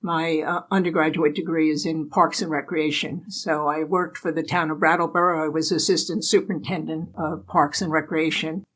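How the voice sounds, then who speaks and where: An older woman from the United States speaks as an interview guest, sharing anecdotes from her life. Her talk is chatty and relaxed, often broken by easy laughter. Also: deep voice, normal speed, hardly any pauses, poor audio. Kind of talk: casual storytelling interview.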